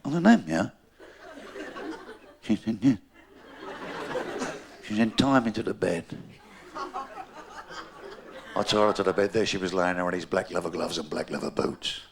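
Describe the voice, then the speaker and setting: Brash gravelly Cockney comic on stage. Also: male voice, low voice, measured pace, long pauses. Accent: London Cockney. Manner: brash, bawdy joke-telling with punchy delivery. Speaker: stand-up comedian. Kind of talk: live stand-up routine. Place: comedy club stage. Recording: live club recording with crowd. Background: audience murmur and laughter.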